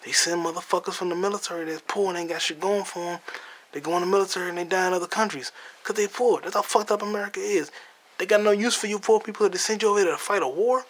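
A man hosting a podcast, recapping a movie in a casual, profane, animated monologue with acted-out quotes. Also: high-pitched, fast. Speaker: podcast host.

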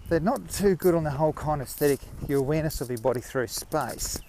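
A man's voice: on the high side, quick pace, a little mellow, a little hiss or hum. An Australian man hosting a podcast, talking in a rambling, self-mocking way while out walking his dog. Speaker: podcast host. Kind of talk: casual rambling monologue.

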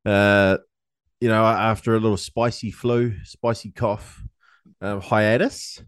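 A man's voice: on the low side, little pitch movement, takes it slowly, smooth, no echo, clean studio sound. A man co-hosting a podcast in casual chat, laid-back and sweary with lots of ums. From New Zealand. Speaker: podcast co-host.

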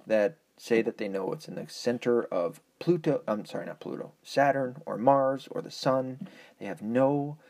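Husky, profane ranting man. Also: medium pitch. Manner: profane, rambling, argumentative. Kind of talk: casual ranting monologue.

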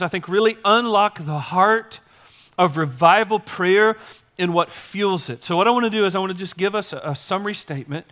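Passionate, bright-voiced male preacher. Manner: passionate preaching, voice rising into pleas and dropping low. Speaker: pastor. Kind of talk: sermon.

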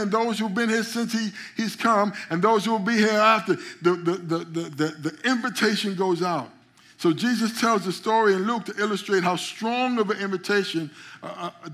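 Man, pastor, sermon delivery; slightly higher voice, emphatic builds, calls out to the room, stumbles on repeated words. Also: a bit bright. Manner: preaching with rising, emphatic builds and call-outs to the congregation; frequent stammered repeats.

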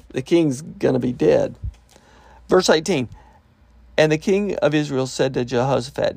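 A man reading Bible verses aloud and explaining them in a relaxed, conversational way, with frequent fillers. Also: on the high side, vocal fry, dry recording. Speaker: Bible teacher. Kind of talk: reading scripture with commentary.

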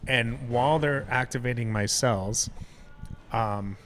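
A man's voice: medium pitch, slow pace, a bit bright, a little hiss or hum. A man in casual podcast talk, candidly telling a personal story with frequent swearing and restarts. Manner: candid and profane, many restarts. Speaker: guest.

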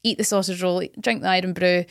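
Highlands woman, radio presenter, animated storyteller, dry close mic. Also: quick pace, no room sound. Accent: Scottish Highlands. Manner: animated storytelling, laughs often. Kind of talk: casual podcast chat.

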